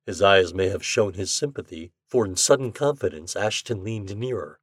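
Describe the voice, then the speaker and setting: A man narrating classic short fiction in a measured, expressive storytelling way. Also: deep voice, no room sound, studio quality. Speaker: podcast narrator.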